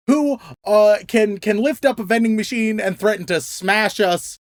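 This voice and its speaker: A man's voice: high-pitched, measured pace, dry recording, clean studio sound. A young man co-hosting a podcast, reading out a list of names in a casual, laughing, stumbling way. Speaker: podcast co-host.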